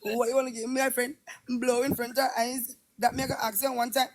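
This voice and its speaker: Loud, high-voiced Jamaican woman. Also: flat delivery, brisk, a little hiss or hum. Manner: loud, exclamatory, repetitive. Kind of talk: casual live-stream chat.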